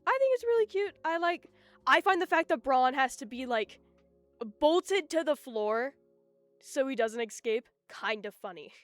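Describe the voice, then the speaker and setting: A high-pitched woman streams live and rants about her opinions, animated and quick to cut herself off. Faint music plays softly behind her. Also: no room sound. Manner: animated, ranting, self-interrupting. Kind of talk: casual live-stream chat.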